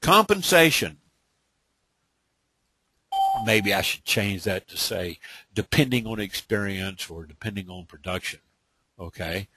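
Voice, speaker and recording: A man's voice: fairly low pitch, bright, forceful tone, slightly rough. A man giving a live webinar training, blunt and emphatic, speaking in bursts and checking in with frequent "okay?". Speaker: online business trainer.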